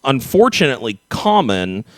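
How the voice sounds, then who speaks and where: A man's voice: mid-range voice, normal speed, dry recording. Chatty podcast guy, laughs a lot, voice jumps around, dry mic. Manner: chatty, laughs often, lively. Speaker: podcast co-host. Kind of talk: casual chat. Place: California, US.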